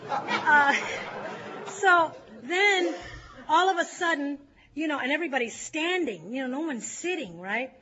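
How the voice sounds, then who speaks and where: High, bright-voiced woman telling stories. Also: dull audio, slight background noise. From California. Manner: lively, laughs often, acts out shouting crowds. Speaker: speaker sharing a recovery story. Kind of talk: storytelling to a group.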